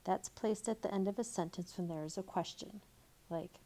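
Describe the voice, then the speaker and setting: A woman teaching a recorded grammar lesson, reading example sentences slowly and deliberately. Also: mid-range voice, dark tone. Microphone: tablet microphone.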